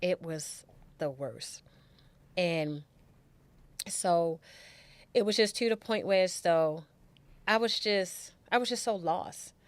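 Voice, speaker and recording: Woman telling a halting personal story. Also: fairly low pitch, no room sound. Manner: halting, with restarts and emphatic repetition. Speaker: guest storyteller.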